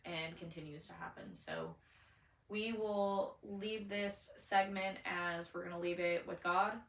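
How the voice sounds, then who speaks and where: A woman's voice: on the low side, lively intonation, unhurried, gravelly. A woman co-hosting a podcast in casual chat, laid-back and slangy, swearing freely. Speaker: podcast co-host. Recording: roomy, distant mic, faint noise.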